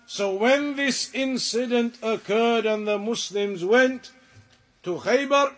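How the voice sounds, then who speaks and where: Man, high voice, slow measured delivery, religious teacher, emphatic lecture. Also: soft background music. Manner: deliberate, emphatic explaining. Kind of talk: lecture to a class.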